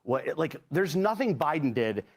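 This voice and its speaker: A man's voice: a little high, big pitch swings, measured pace, vocal fry, husky. A man as a guest on a panel show, cracking jokes in a casual way. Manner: wisecracking. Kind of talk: joking panel discussion.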